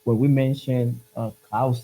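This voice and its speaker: Brief: male podcast host with a warm, mellow tone, earnest and persuasive. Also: medium pitch, steady tone, a little slow, rough recording. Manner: earnest, urging, repeats himself. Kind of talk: casual podcast chat.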